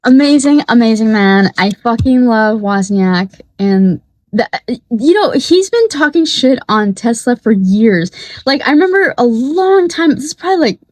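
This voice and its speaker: A woman's voice: a little high, expressive, unhurried, darkish tone, no echo. A woman hosting a podcast in a casual, rambling monologue, swearing freely and laughing often. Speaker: podcast host.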